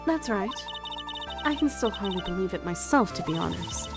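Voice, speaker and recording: A woman voicing a boastful, bubbly elderly head nun, reading her lines loudly over game music. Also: mid-range voice, lively intonation, moderate pace, gravelly. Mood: recounting.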